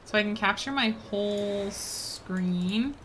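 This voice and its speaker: A woman's voice: mid-range voice, slow, fairly bright tone, a little hiss or hum. A Canadian woman streaming a game, chatting casually in a rambling way with lots of fillers and easy laughs. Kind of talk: casual gaming stream chat.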